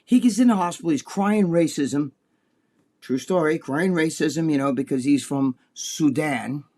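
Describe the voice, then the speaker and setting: Brief: high-pitched man, crude blunt podcast co-host, swears freely. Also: unhurried, a little mellow, slight background noise. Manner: blunt, crude storyteller, acts out voices. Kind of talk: casual profane chat.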